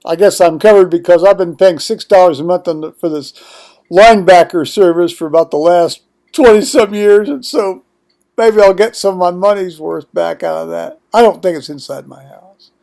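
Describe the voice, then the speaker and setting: A man's voice: sits high, normal speed, vocal fry, darkish tone. An older man vlogging at home in a rambling monologue, digressing often with blunt, profane asides.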